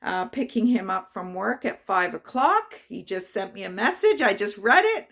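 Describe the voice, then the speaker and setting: A woman's voice: medium pitch, very animated, moderate pace, gravelly, fairly bright tone. Woman, fifties, casual vlog chat, heartfelt storytelling, lots of fillers. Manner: personal, emotional storytelling with many fillers. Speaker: vlogger.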